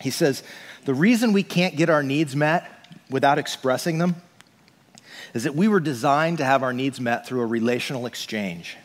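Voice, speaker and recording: A pastor delivers a chatty sermon, his medium-pitched voice at normal speed ringing through a reverberant sanctuary. He's conversational and keeps saying "like" and "right?".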